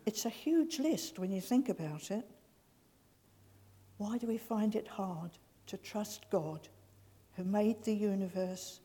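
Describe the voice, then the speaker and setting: A woman giving a sermon in a gentle, slow storytelling way. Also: mid-range voice, breathy edge. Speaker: preacher. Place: large church. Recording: reverberant church hall.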